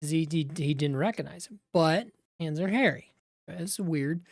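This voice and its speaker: A woman teaches by retelling a scripture story in a relaxed, conversational way, turning aside now and then to speak to her viewers. Her voice sits low, and the recording is dry and close. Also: moderate pace, vocal fry, no echo. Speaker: Bible teacher.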